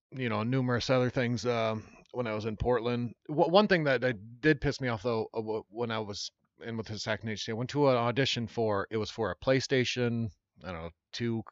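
A man, a comedian guest, telling stories in a casual, rambling, animated way with lots of fillers. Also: mid-range voice, no room sound, dull audio. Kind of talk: casual storytelling chat.

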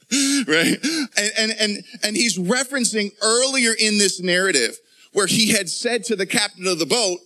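A male pastor from Pittsburgh delivers an animated sermon. His voice sits high and rings bright and forceful. He leads the room in call-and-response and acts out the voices he paraphrases. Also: brisk.

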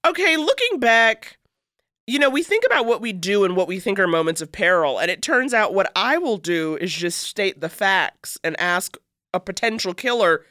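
A woman co-host spins a rambling, self-mocking tale packed with fillers. Her voice is bright and forceful, and it sounds close and dry with no room around it. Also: mid-range voice, expressive, normal speed, no room sound. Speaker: podcast co-host. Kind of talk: casual storytelling chat.

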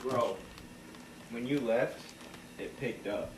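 A young man chatting casually with friends, telling an animated story and acting out what his friends said. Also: mid-range voice, takes it slowly, a little hiss or hum. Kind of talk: casual chat.

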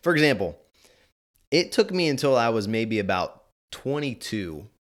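A man in his twenties giving chatty movie commentary, animated and quick to laugh. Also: mid-range voice. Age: 20s. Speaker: video host.

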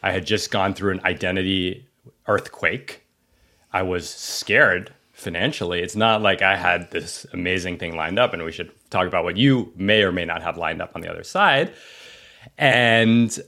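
Brief: male podcast host, thirties, lower register, animated storyteller who restarts his sentences. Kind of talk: casual podcast conversation.

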